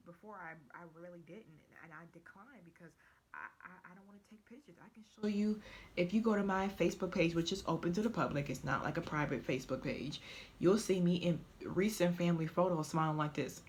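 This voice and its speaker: Woman vlogger, low-pitched, tearful and stumbling, slipping into whispers, faint background hiss. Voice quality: often drops to a soft whisper. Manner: halting, tearful, stumbling over words. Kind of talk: emotional personal vlog.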